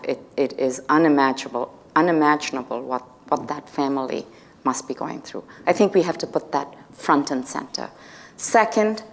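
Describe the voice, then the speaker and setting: A woman from India, a senator and guest lecturer, answering an audience question in a measured, composed way. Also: very deep voice. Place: lecture hall.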